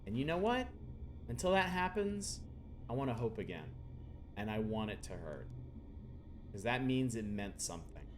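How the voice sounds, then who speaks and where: A man voicing a gloomy young adult female cat from a game, speaking low, quiet and slow. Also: big pitch swings, soft background music. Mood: brooding. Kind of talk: game dialogue read aloud.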